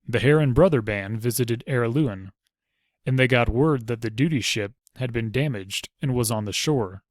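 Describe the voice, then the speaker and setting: A man voicing a spirited, quick-witted young woman who speaks briskly and with a sharp tongue. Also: mid-range voice, dry recording, studio quality, lightly acted. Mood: lively.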